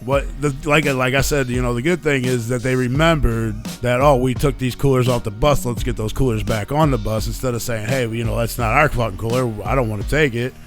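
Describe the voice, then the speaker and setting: A man hosting a live radio show, telling a story in a casual, profane, animated way and getting heated when he quotes himself. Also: mid-range voice, a little fast, few pauses, soft background music.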